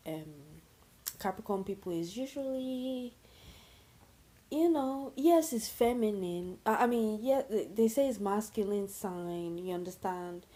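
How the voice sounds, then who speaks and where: A woman's voice: mid-range voice, dark tone. A woman vlogger talking casually to camera about astrology, rambling with many fillers and restarts.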